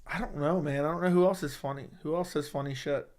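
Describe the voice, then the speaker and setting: A young man hosting a casual livestream, reading viewer comments in a laid-back, low-key way and swearing casually. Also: fairly even intonation, fast talker, a little mellow. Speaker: livestream host reading chat.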